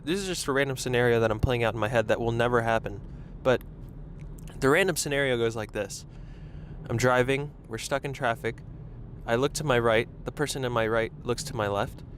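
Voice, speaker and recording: A young man hosts a podcast from his car while driving in traffic, chatting solo on a lapel mic in a rambling, self-conscious way. His voice is medium-pitched and fairly quick, with faint road noise in the background.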